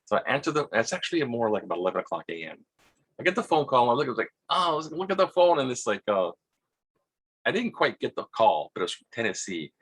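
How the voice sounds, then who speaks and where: Husky-voiced man rambling through a story. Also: medium pitch, sing-song, fairly bright tone. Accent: Hawaiian. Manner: halting, repeats words, acts out quotes. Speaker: vlogger.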